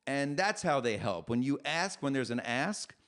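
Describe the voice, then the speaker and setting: A middle-aged male comedian talking in a podcast conversation. He tells animated, self-deprecating stories, and his voice sits in an ordinary middle pitch. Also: moderate pace. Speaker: comedian guest.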